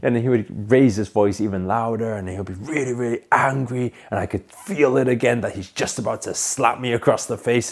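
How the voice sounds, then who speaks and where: A man telling a personal story as a monologue, earnest, rising to emphatic peaks and then dropping low and soft. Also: fairly quick, hardly any pauses, breathy edge.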